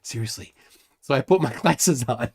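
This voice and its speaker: Joking male live-stream host, lively pitch. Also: unhurried. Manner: joking, rambling, self-deprecating. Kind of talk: casual live-stream chat.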